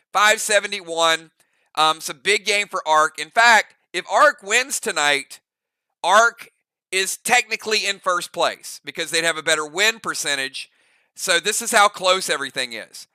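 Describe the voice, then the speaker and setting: An excited man hosting a gaming channel. He speaks in a very bright, high, smooth voice, laughing often and stumbling over fillers. The recording is dry and close. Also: no echo. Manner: excited, laughs easily, many fillers and restarts. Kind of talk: casual chat.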